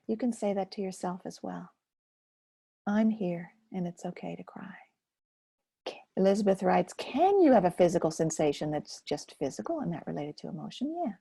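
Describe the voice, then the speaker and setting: An older woman hosting a live webinar, gently and reflectively answering chat questions as a focusing teacher, with a husky voice. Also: mid-range voice, no room sound, studio quality.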